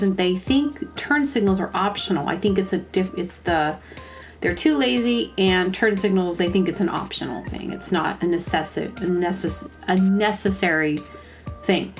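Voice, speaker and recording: A woman hosting a comedy show, ranting in a rambling, exasperated casual monologue that stops and corrects itself. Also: mid-range voice.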